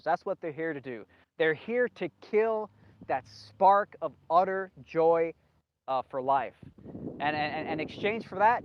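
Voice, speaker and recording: A man's voice: fairly high pitch, no echo, dull audio. Man, solo monologue, emphatic, repetitive, rambling, dry close sound. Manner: emphatic, repeats himself, loses his train of thought. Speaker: video host.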